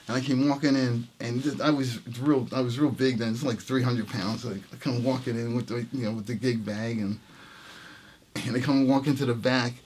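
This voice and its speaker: A man in a casual sit-down interview tells a long story about an old gig. His voice sits at an ordinary middle pitch. He laughs often and acts out the lines of the people in the story. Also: slight background noise. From New York City. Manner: laughing, reenacts quotes with voices. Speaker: jazz trumpet player, interview guest.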